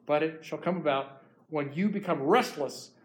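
A man playing an old patriarch giving a blessing, slow and grave, raised and declaiming with a voice pitched a touch high. the words land heavy and deliberate. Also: natural voice. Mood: stern. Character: aging patriarch father pronouncing solemn blessings.

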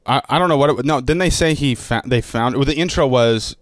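A stand-up comedian on a podcast as a guest, talking casually with many fillers and loose swearing. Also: male voice, medium pitch, fast talker, few pauses, dry recording, clean studio sound. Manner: laid-back, filler-heavy, swears casually. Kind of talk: casual chat.

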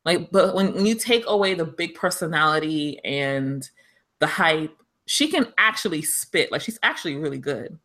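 A woman's voice: low-pitched, expressive, normal speed, a bit bright. A woman with a New York accent, co-hosting a podcast in chatty, emphatic casual talk and laughing often. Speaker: podcast co-host. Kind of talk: casual chat.

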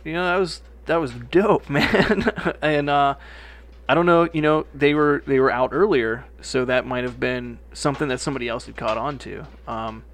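A man's voice: mid-range voice, normal speed, a bit bright. A young man co-hosting a podcast, telling loose stories full of swearing and quoted voices in casual chat. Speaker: podcast co-host.

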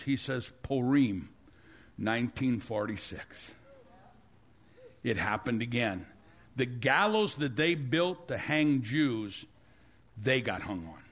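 A man preaching, telling a story with animated energy and acting out the scenes. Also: fairly high pitch. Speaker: pastor. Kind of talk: storytelling sermon.

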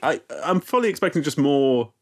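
A man's voice: fairly high pitch, big pitch swings, a little fast. An Irish man co-hosting a casual film podcast, amused and laughing often as he reads out listener mail.

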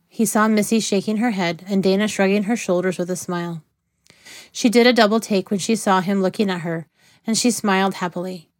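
A woman narrating a novel in a measured, even reading. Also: mid-range voice, no room sound, studio quality. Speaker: audiobook narrator. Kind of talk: scripted narration.

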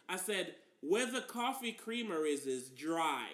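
A man's voice: high-pitched, slow, roomy sound. A man co-hosting a podcast in casual banter, telling stories with lots of laughter and acted-out quotes. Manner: animated storytelling, laughs often, acts out quotes. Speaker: podcast co-host.

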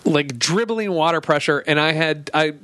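A man's voice: on the high side, normal speed, a bit bright, no room sound. A man co-hosting a podcast, rambling and cracking jokes in casual banter. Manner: wisecracking, rambling. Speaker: podcast co-host.

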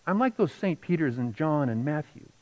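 A middle-aged man preaching a sermon as pastor, telling a personal story with feeling and moving between hushed and loud passages. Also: fairly high pitch, sing-song, moderate pace, low-quality recording.

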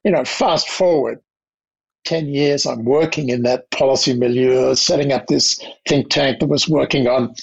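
An older man with an Australian accent, recounting his diplomatic career in a measured, anecdotal interview manner. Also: medium pitch, gravelly, breathy edge, lo-fi sound. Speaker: guest, diplomat. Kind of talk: reflective interview storytelling.

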